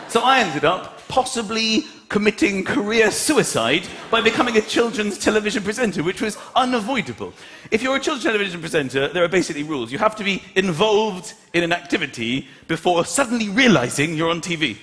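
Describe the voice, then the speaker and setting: Animated high-pitched male stand-up comic. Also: fast, background noise. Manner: animated, exasperated storytelling with acted-out voices. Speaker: stand-up comedian. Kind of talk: stand-up routine. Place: large theatre stage. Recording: echoey theatre with loud audience laughter. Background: audience laughing.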